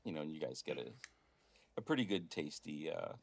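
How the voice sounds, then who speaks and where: A male game master narrates a tabletop game in a deep, low voice. He rambles through scenes, pausing often with fillers as he improvises the story. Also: sing-song, vocal fry.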